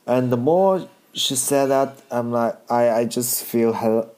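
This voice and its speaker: A man doing a casual comedy monologue, halting, with broken grammar and many restarts. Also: medium pitch, fairly even intonation, a little mellow. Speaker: stand-up comedian.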